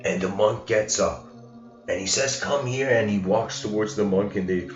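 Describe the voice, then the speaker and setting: Very deep-voiced man telling a story. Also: steady tone, moderate pace. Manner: rambling, acts out quotes with rising intensity. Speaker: spiritual lecturer. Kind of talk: casual storytelling lecture. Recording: roomy, dull lo-fi recording with faint music.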